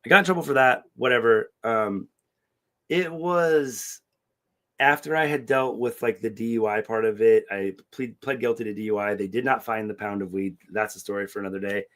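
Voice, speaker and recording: Animated profane man telling a story. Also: on the low side, moderate pace. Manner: animated, profane, acts out quoted dialogue. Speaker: podcast co-host. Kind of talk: casual storytelling chat.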